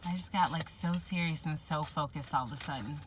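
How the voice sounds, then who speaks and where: A woman's voice: deep voice, brisk, noisy background. A woman giving a casual spoken tarot reading, rambling and giggly, full of fillers. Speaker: tarot reader.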